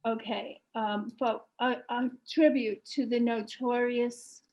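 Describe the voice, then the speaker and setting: A woman speaks slowly and haltingly, circling back on herself with frequent fillers as she shares in a workshop. Her voice sits a little high. The audio is dull and lo-fi, like a video call. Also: steady tone, darkish tone. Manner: hesitant, many fillers and restarts. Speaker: workshop participant. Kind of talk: halting personal sharing.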